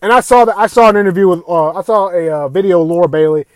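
A man's voice: high voice, fast, darkish tone, dry recording. A man delivering an angry, profane rant to camera, swearing constantly and raising his voice at times. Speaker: video ranter.

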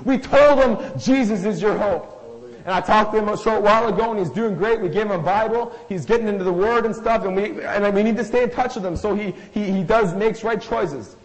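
A man's voice: very high-pitched, big-room sound, low-quality recording. A man preaching a sermon, earnest and emphatic, telling a personal story and often repeating words as he builds up. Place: church hall.

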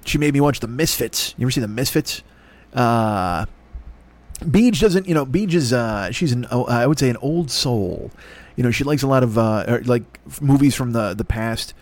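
A man's voice: mid-range voice, expressive, normal speed, a little mellow. A middle-aged man hosting a show, ranting and rambling in a profane comic monologue, often swearing and mocking other voices. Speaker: podcast host.

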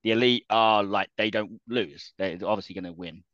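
A man's voice: on the low side, normal speed, fairly bright tone, no echo, dull audio. A man chatting casually about wrestling as a podcast co-host, laughing often and restarting his sentences.

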